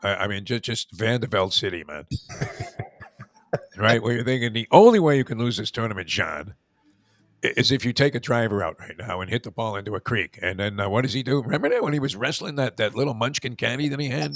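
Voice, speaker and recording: A man's voice: mid-range voice, animated, brisk, a bit bright, no room sound. A man hosting a casual radio talk show, telling rambling, joking stories.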